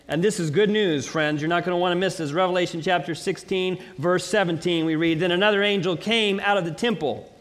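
A man preaching a sermon, reading scripture aloud and building to dramatic, slowly emphasized declarations. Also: high-pitched, fairly bright tone, in a large hall. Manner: preaching with dramatic swells and slow emphatic pauses.

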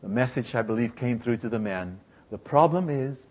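A male preacher delivering a sermon with animated storytelling and call-and-response repetition. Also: medium pitch, moderate pace, muffled recording.

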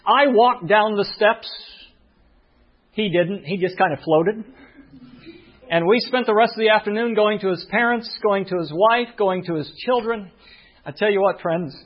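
A man's voice: high-pitched, normal speed. A man preaching a sermon as a pastor, telling a story and acting out the voices of the people in it. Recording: muffled lo-fi recording.

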